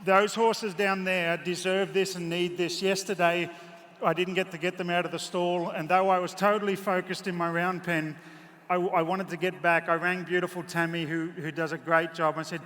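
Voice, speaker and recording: A man's voice: high-pitched, little pitch movement, normal speed, a bit bright. Emotional, joking Australian horseman. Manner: emotional, joking, chatty storyteller. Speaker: horse trainer giving a clinic. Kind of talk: live clinic commentary from horseback. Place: large indoor horse arena. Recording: echoey arena with faint ambience.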